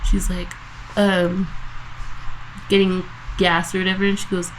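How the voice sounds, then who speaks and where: A woman's voice: fairly low pitch, level tone, unhurried, slight background noise, rough recording. A woman co-hosting a casual podcast, telling rambling, profane work stories and laughing at her own punchlines. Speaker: podcast co-host. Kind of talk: casual chat.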